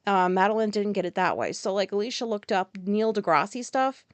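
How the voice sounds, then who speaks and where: A woman's voice: mid-range voice, normal speed, hardly any pauses, no echo. Rambling, frank woman telling a story. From United States. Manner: rambling, frank, swears freely, many fillers. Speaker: podcast host. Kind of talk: casual storytelling monologue.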